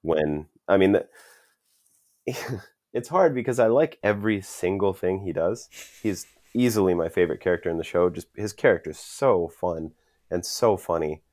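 A young man co-hosts a podcast in casual, enthusiastic chat, acting out quotes and saying "dude." His voice is low-pitched, expressive and a little mellow at a normal speed. The studio recording is dry and clean.

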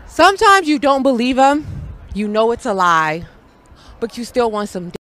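A woman's voice: fairly high pitch, expressive, normal speed, a bit bright. A woman answering street interview questions in a brash, boastful, slangy way. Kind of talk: casual street chat.

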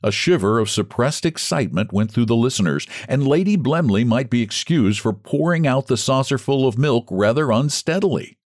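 A man narrating a story in a measured, expressive audiobook style. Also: medium pitch, no echo, studio quality.

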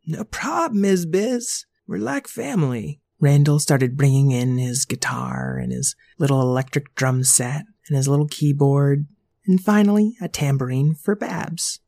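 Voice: mid-range voice, unhurried, vocal fry, dark tone, dry recording. A performer voicing a laid-back, centuries-old robot babysitter who talks in easygoing slang. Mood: chilled out. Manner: drawling surfer-style slang, says beep boop.

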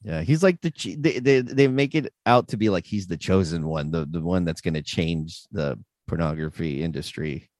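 A man's voice: low-pitched, moderate pace, hardly any pauses, a little mellow, dry recording, studio quality. A man in casual movie chat who swears freely and drops into jokey put-on voices.

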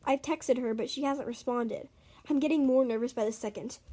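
A woman reading her own made-up story aloud, earnest and expressive, with small stumbles. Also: high voice, moderate pace.

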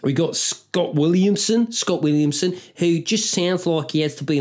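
A man's voice: fairly high pitch, moderate pace, hardly any pauses, darkish tone. A middle-aged man in his forties hosting a comedy podcast, riffing and swearing in a loose, joking monologue. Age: 40s. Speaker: podcast host.

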